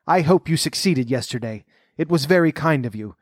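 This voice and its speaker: A man's voice: a little high, lively intonation, brisk, dry recording, studio quality. A man voicing a jubilant, reformed elderly miser who talks eagerly and effusively, in a storybook reading. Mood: eager, grateful.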